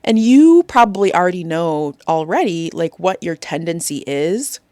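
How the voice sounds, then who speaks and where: A woman hosting a solo podcast, talking through advice in a gentle, encouraging, conversational way, often checking in with "right?". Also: lowish voice, big pitch swings, moderate pace, no echo. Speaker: podcast host. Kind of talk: solo podcast coaching talk.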